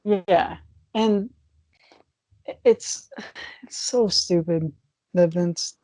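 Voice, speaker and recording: A woman co-hosting a casual wrestling podcast, chatty and quick to laugh. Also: fairly low pitch, darkish tone. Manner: chatty, laughs often between remarks. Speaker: podcast co-host.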